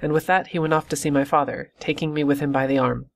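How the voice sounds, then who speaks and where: A man reading an audiobook in steady, measured scripted narration. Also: on the high side, creaky. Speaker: audiobook reader.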